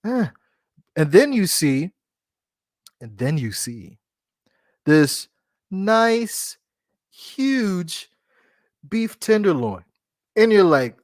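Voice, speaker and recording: A man's voice: on the high side, expressive, slow, pauses often, no room sound, studio quality. A man hosting a casual solo podcast in a playful, joking way, often laughing at himself. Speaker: podcast host.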